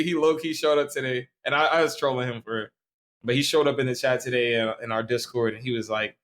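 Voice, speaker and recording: Tipsy and co-hosting a podcast, this young Staten Island, New York native rambles casually, dropping slang and curses. His voice is medium in pitch with a slightly bright edge.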